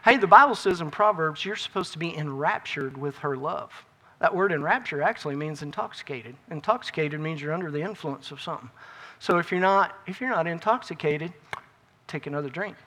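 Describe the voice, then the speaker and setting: A middle-aged man preaching a folksy, emphatic sermon that swings between loud bursts and quiet asides. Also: a little high, fairly quick.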